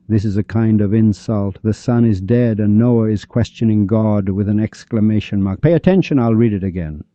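A man's voice: fairly low pitch, moderate pace, few pauses, warm tone, no room sound. A man teaching a lecture on poetry and scripture, emphatic and dramatic, speaking straight to his listeners. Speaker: religious teacher. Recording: dull lo-fi dry recording.

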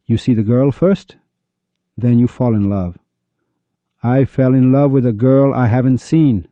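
A man giving a spiritual lecture on love, animated and full of rhetorical questions, acting out the voices of the people he quotes. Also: medium pitch, a little slow, no echo. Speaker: Sufi speaker. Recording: dull lo-fi recording.

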